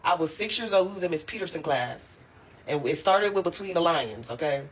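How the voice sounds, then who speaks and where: A young woman telling a casual storytime, animated and slangy, laughing as she goes. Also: lowish voice, brisk, breathy edge. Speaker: storytime vlogger.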